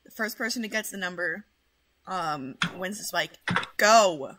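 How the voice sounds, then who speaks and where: A woman hosting a casual game stream, loud and excitable, swearing often and bossing her chat around. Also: on the low side, moderate pace, noisy background. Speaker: streamer host.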